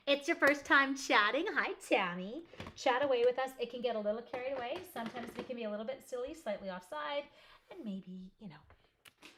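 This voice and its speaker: A woman's voice: fairly high pitch, noisy background. A middle-aged woman from Canada hosting a live crafting class, chatting with viewers and talking herself through each step with a giggle. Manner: chatty, talks to herself while working, giggly.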